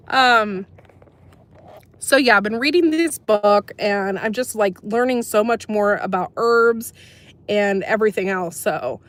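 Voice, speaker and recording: A woman's voice: mid-range voice, takes it slowly, pauses often. A woman hosting a farm vlog, talking in a chatty, rambling way full of fillers. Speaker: farm channel host. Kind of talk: casual vlog talk.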